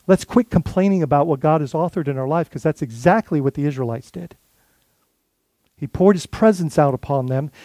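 A man's voice: on the high side, mellow, no room sound. A male lead pastor preaching a sermon in a conversational way, full of rhetorical questions and restarts.

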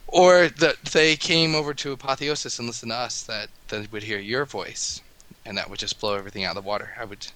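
An American man co-hosting a casual podcast over a call, chatty and rambling, his voice gravelly and cracking from a cold. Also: medium pitch, a little fast, few pauses, a bit bright, poor audio. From United States. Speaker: podcast co-host.

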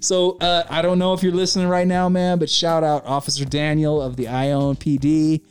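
A man hosting a podcast, telling a story in a laid-back, slangy way with lively energy. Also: on the high side, normal speed, clean tone. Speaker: podcast host. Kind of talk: casual storytelling.

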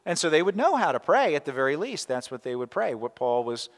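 A man's voice: a little high, sing-song, a little fast, long reverb tail. A man pastor giving a conversational sermon, asking rhetorical questions and adding offhand asides.

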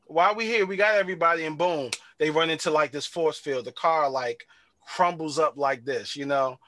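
A man hosting a casual chat, recapping a TV episode in a rambling, slangy, animated way. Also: a little high, normal speed, no echo. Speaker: podcast host.

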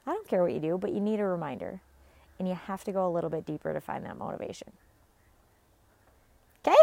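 Earnest mom fitness coach, thirties, pep-talk style, hammers points by repeating them. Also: female voice, lowish voice, rapid-fire, creaky, background noise. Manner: earnest, emphatic, repeats phrases for effect. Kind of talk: motivational talk to viewers.

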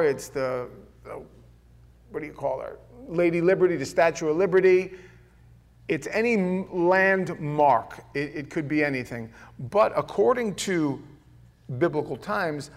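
A middle-aged man preaching a conversational sermon, emphatic at times and dropping to quiet asides. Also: on the high side. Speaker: pastor.

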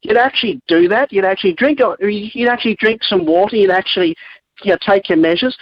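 Australian male caller, wry and jokey, slightly high voice, dull dry phone-in line. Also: no echo. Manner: joking, wry and quick. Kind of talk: phone-in chat.

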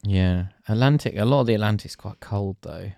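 A man's voice: on the low side, fairly quick, creaky, darkish tone, dry recording, clean studio sound. A man co-hosting a podcast in casual, jokey chat. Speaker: podcast co-host.

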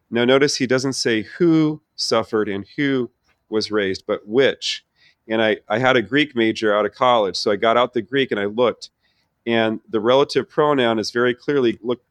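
A man's voice: mid-range voice, dry recording. Earnest man telling his story, dry sound. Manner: earnest, animated storytelling with frequent restarts. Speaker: theology professor and guest. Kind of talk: conversational personal testimony.

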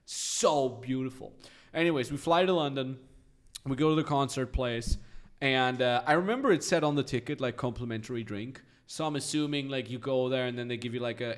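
A man in his thirties, from Austria, telling stories as a podcast guest in a lively, chatty way and acting out the voices of people in them. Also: mid-range voice, a little fast, clean tone. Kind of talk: casual storytelling.

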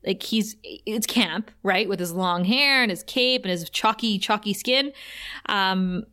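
A woman chatting as a podcast co-host, lively and animated. She laughs often and keeps the talk loose and playful. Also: medium pitch, measured pace, clear, resonant tone. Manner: animated, laughs often, acts out lines from the episode. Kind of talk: casual chat recapping a TV episode.

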